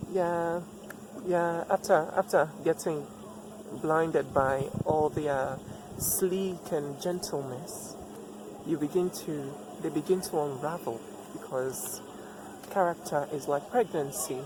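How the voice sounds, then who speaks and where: A man's voice: a little high, takes it slowly. A man giving relationship advice in a reflective personal monologue, repeating himself for emphasis and asking rhetorical questions. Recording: steady background noise.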